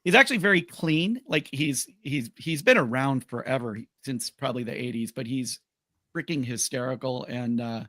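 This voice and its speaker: A man with a mid-pitched voice chats casually and tells stories to his co-hosts. The sound is dry and close, with no room around it. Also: normal speed, sharp tone, no echo. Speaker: show co-host. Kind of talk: casual chat.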